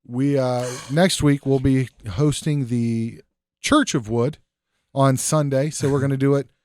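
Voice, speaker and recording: A man's voice: medium pitch, steady tone, unhurried, a little mellow, no room sound. A man co-hosting a podcast in casual chat, teasing his friends with dry humor. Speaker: podcast co-host.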